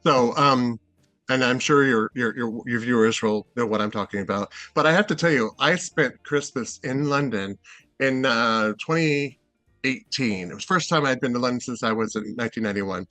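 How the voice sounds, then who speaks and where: A man's voice: medium pitch, a little fast, pushed and bright, no echo, soft background music. A middle-aged man from Seattle, a guest in a casual interview, rambling and hesitant with many fillers and restarts. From Seattle, USA.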